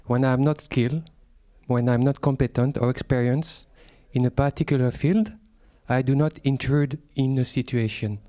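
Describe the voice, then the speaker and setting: French-accented monk, mellow and dark tone, hesitant and polite. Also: male voice, mid-range voice, fairly even intonation, normal speed. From France. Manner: hesitant, polite, many fillers. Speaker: monk asking a question. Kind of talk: discussion question.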